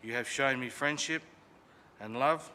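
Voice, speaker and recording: A man reading a prepared eulogy from notes, slow and steady, in a crematorium chapel. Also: medium pitch, a little hiss or hum. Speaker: funeral eulogy speaker. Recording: reverberant chapel, faint ambience.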